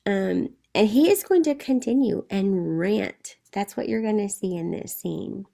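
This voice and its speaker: A woman's voice: medium pitch, lively intonation, unhurried, gravelly, mellow. A woman teacher explaining a play to students in a conversational way, often checking in with rhetorical questions.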